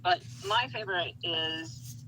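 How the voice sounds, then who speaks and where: A woman's voice: on the low side, slow pace, a little hiss or hum, rough recording. A woman guest in a casual video-call chat, a playful storyteller. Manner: playful storyteller, bright and lively.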